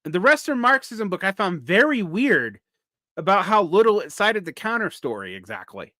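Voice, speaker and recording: A man with a Southern US accent hosts a live solo vlog and works through his points aloud. His delivery is halting, full of restarts and fillers, in a bright, forceful voice on the higher side. The sound is dry, with no room echo. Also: very animated. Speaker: vlog host. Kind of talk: casual live commentary.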